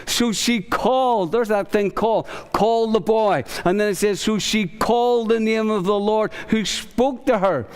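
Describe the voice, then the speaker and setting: High-voiced man preaching in an echoing church hall. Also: measured pace, few pauses, clear, resonant tone. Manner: animated preaching, acts out voices of biblical figures. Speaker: pastor. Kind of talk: sermon. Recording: long hall reverb.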